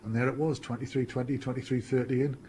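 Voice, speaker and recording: A man's voice: medium pitch, flat delivery, quick pace, warm tone, a little hiss or hum. A man who works as a senior sound supervisor, casually recounting an incident in an interview. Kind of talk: interview anecdote.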